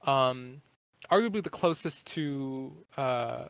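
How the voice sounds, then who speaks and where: A man's voice: mid-range voice, lively intonation, takes it slowly, gravelly, fairly bright tone, clean tone, dry recording. A man in his twenties, a podcast guest, chatting casually in a rambling, profane way with many fillers. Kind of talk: casual chat.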